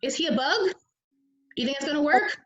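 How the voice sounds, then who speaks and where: A woman preschool teacher reading a picture book to young children, animated and asking them questions. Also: high voice, fairly quick, rough recording.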